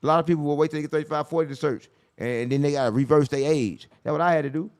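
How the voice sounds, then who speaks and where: A man's voice: fairly high pitch, very fast, darkish tone, clear, resonant tone. A man hosting a casual podcast, brash and profane, preaching life advice in a loose, rambling way. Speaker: podcast host.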